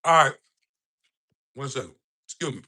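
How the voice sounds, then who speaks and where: A man's voice: mid-range voice, moderate pace, pushed and bright. A man hosting a motivational livestream, talking bluntly in street slang with lots of profanity and checking in with "right?" over and over. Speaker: livestream host.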